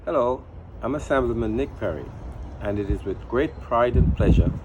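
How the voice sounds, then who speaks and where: A man's voice: mid-range voice, expressive, normal speed, lo-fi sound, very noisy. A man from Jamaica, a politician, giving a formal, ceremonious message. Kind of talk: prepared speech.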